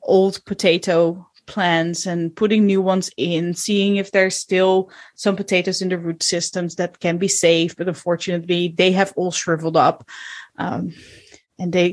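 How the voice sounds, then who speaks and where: A woman narrating a tabletop role-play game as game master, descriptive with filler pauses. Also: on the low side.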